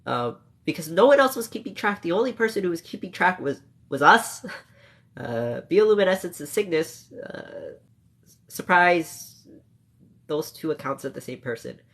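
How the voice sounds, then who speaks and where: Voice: mid-range voice, very animated, fairly bright tone. A streamer chats through a long story with live viewers, rambling and emotional. They break off to mock-scold the chat and then apologise. They swear freely and correct themselves as they go. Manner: swears freely, quick asides and self-corrections. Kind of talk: casual livestream storytelling.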